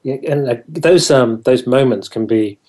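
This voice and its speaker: A male podcast host with a mellow, warm voice, asking his guest friendly questions. He pauses and restarts a lot and fills the gaps with "uh" and "you know." He is encouraging and easygoing throughout. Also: mid-range voice. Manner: friendly, encouraging, hesitant fillers. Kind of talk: interview.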